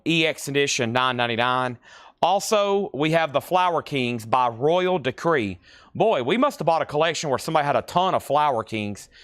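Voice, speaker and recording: A man's voice: a little high, a bit bright, dry recording, clean studio sound. A man hosting a live vinyl record sale, rattling off titles, conditions and prices with chatty asides. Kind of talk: live record auction patter.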